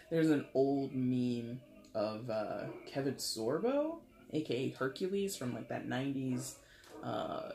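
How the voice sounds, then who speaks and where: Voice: medium pitch, roomy sound. A tarot reader giving a casual, chatty reading, often acting out imagined dialogue and breaking into asides. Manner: chatty, acts out imagined dialogue in lively quoted voices; frequent laughs and asides.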